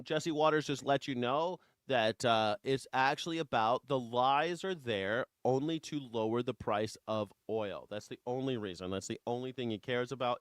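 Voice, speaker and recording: A man's voice: mid-range voice, smooth, no room sound, studio quality. Profane mocking male news-reaction host. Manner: profane and mocking, drops into a soft taunting croon. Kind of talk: live political commentary.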